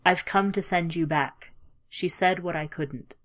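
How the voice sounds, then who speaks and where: A woman voicing a detached sorceress who speaks calmly and without pity in an audiobook story. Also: lowish voice, unhurried. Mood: firm. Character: cool, unmoved female sorceress.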